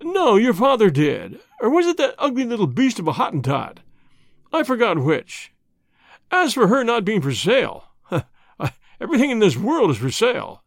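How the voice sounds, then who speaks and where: Braggart, storybook: man reading as a loud swaggering show-off, high and lively. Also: no echo, clean studio sound, exaggerated voice. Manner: swaggering and mocking, laughing at others. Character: boastful rich man, loud, mocking bragger.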